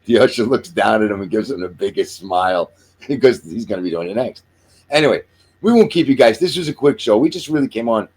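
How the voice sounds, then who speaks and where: A man's voice: on the low side, lively intonation, brisk, darkish tone, breathy edge. A man in his sixties hosting a casual chat show, rambling through jokes and movie picks and swearing freely. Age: 60s. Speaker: podcast host.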